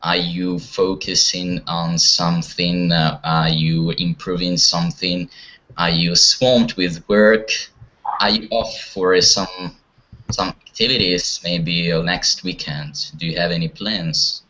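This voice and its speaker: A man's voice: low-pitched, fairly even intonation, takes it slowly, pushed and bright, slight background noise. A man teaching an online English conversation class, encouraging students with many questions over a video call. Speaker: language teacher. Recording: muffled online call audio.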